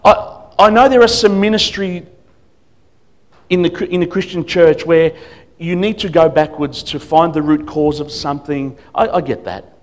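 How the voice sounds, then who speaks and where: A man preaching as a guest speaker at a church service, emphatic, swinging between loud declarations and quiet asides. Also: fairly high pitch, moderate pace. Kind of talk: sermon.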